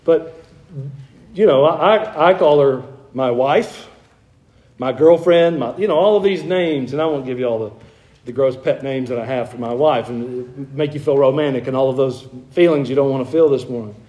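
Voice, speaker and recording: A man's voice: medium pitch, normal speed, dark tone. A man preaching a sermon in a folksy storytelling way, full of personal anecdotes, often repeating phrases and restarting. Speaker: pastor.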